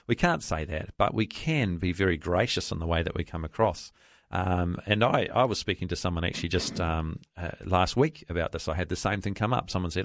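A man's voice: sits low, expressive, no room sound, clean studio sound. A man co-hosting a Christian talk radio show, speaking earnestly with frequent restarts. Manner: earnest, halting with many restarts.

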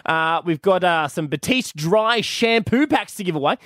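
An Australian man hosting a radio show, playful and quick to laugh. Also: high-pitched, animated, a bit bright, dry recording, clean studio sound. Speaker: radio host. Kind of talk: breakfast radio banter. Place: radio studio. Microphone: studio mic.

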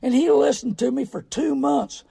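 A middle-aged man, hosting a radio talk show in a folksy, preachy way with sudden loud bursts. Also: very high voice, normal speed, creaky. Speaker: radio show host on car buying.

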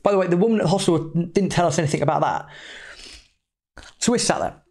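A man's voice: sits high, quick pace, a little mellow. A man, a podcast host telling a travel story in a casual, chatty way with the odd swear word. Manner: chatty, loose, with mild swearing.

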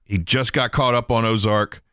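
A man with a lowish voice chats on a radio show, slipping into lively anecdotes. The sound is close and dry, with no room around it. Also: normal speed, smooth, dry recording. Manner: storytelling, animated in anecdotes. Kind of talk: casual radio banter.

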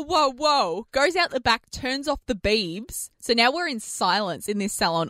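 A female radio co-host tells a story in casual chat, animatedly acting out the quotes of what people said. Her voice is a little high, recorded as clean studio sound without echo.

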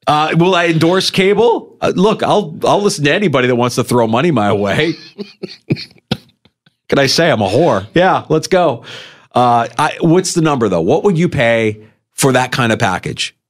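A man hosting a sports radio show, talking casually and animatedly, his pitch leaping when he makes a point. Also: animated, a little slow. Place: radio studio.

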